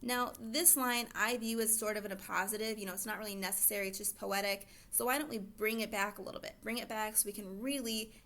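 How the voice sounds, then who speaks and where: A woman teacher in a recorded lesson, speaking at an everyday middle pitch. She keeps it casual and chatty. She explains each step plainly for other teachers. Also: steady tone, fast, hardly any pauses, bright, forceful tone.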